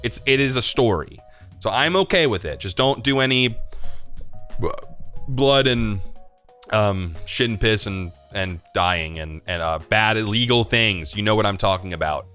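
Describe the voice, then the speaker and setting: A young man hosting a livestream, answering chat questions in rambling, confessional casual talk, swearing freely and filling pauses with "like" and "um.". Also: fairly low pitch, lively intonation, pushed and bright, clean tone, soft background music.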